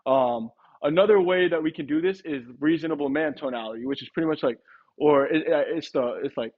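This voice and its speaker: A man's voice: fairly high pitch, brisk, narrow, tinny audio. A man giving a casual, direct sales training talk to door-to-door reps and acting out tone examples. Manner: direct, coaching, acts out tone examples.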